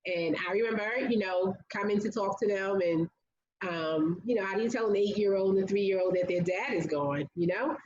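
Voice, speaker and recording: Here a female interview guest recounts something from her own life in a frank, chatty way, leaning heavily on "like" as filler while staying earnest. Her voice sits in the middle range, a little mellow, at normal speed. The sound is reverberant and dull.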